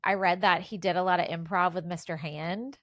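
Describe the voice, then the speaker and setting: A woman's voice: on the low side, steady tone, fairly quick, no echo, clean studio sound. Chatty woman co-host reading film trivia. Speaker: podcast co-host. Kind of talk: casual chat.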